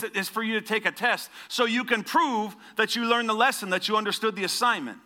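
A man delivers a sermon with a bright, forceful tone and a slightly higher voice than most men. He speaks conversationally, often asking the listeners direct questions. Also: steady tone, a little fast, hardly any pauses. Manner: conversational preaching with rhetorical questions. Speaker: pastor.

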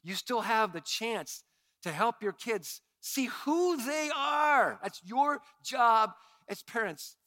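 A middle-aged man preaching a sermon as pastor, animated and impassioned. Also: extremely high pitch, slow pace.

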